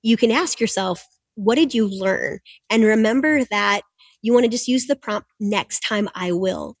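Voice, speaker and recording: A woman's voice: a little high, moderate pace, dry recording, clean studio sound. A woman guest who works as a performance coach, explaining her techniques in an encouraging, instructive way.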